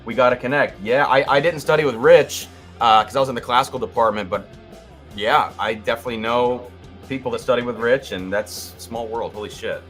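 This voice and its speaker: A man guests on a casual live stream, talking in a relaxed, laid-back way. His voice sits at a middle pitch with lots of filler words. Faint music runs behind him. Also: fairly quick. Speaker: guest drummer.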